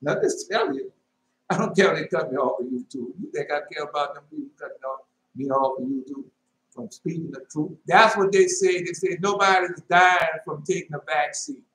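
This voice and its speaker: A man preaching informally and telling a dream, emphatic, repeating his phrases and jumping into sudden high shouts. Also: expressive, normal speed. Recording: echoey room with faint noise.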